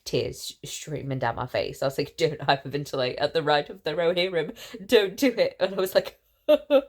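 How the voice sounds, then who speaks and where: A tired young woman losing her voice, chatting in a rambling, excitable way while lying in bed. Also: very deep voice, vocal fry. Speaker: book vlogger. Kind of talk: casual chatty vlog.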